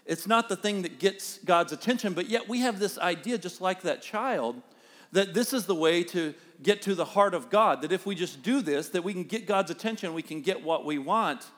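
A man's voice: high voice, animated, moderate pace, fairly bright tone. A male pastor preaching a sermon in an earnest, conversational way, telling stories and talking directly to the congregation. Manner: storytelling, acts out a child's voice and quoted speech.

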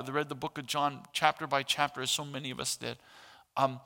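A middle-aged male pastor preaching in an earnest sermon that climbs into passionate emphasis. His voice is bright and edged with gravel, pitched a little high for a man, and it rings out in a long hall reverb. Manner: earnest, rises to impassioned emphasis.

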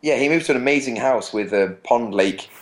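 A man's voice: mid-range voice, a little fast. A man with an English accent on a podcast, chatting casually, ranting and swearing freely. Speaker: podcast co-host. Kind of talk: casual chat.

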